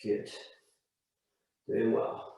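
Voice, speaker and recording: A man leading a stretching class with slow, calm step-by-step cues. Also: muffled recording. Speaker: stretching instructor. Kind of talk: guided exercise class. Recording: echoey room, mic far off.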